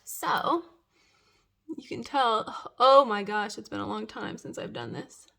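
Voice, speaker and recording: Young adult woman, waxing pro, casual how-to, chatty with nervous laughs, slightly high pitch. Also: lively intonation, slow pace, vocal fry, bright, forceful tone. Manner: drops to a whisper while waxing herself. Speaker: waxing professional. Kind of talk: casual tutorial.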